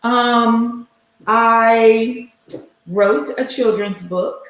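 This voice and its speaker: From her home office over a video call, a woman co-hosts a casual talk show, speaking very slowly in a fairly high voice with fairly even intonation. Her manner is encouraging and affirming, and the sound has a roomy echo.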